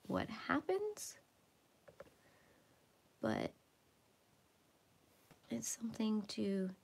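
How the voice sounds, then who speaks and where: A woman hosting a casual livestream from home while she colors. She chats along and sometimes drops into soft murmurs as she works. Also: medium pitch, gravelly. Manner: chatty, drifts into soft murmurs while working. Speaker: livestream host.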